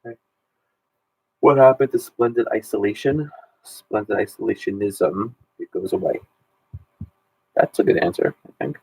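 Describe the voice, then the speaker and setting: A man's voice: lowish voice, normal speed, vocal fry, long pauses, darkish tone, husky, no echo, low-quality recording. A man in his thirties, a history teacher running a casual exam review Q&A and talking in a chatty way with many ums and restarts.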